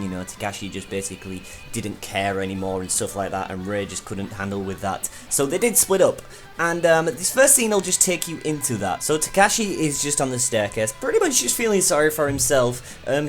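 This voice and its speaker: Chatty young man reviewing anime. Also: medium pitch. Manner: chatty and enthusiastic, many fillers. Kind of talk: casual video review.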